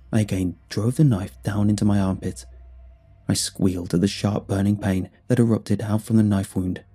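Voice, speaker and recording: A man narrating a first-person horror story in a measured, dramatic reading. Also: warm tone, husky. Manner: measured, dramatic reading with sudden pitch lifts.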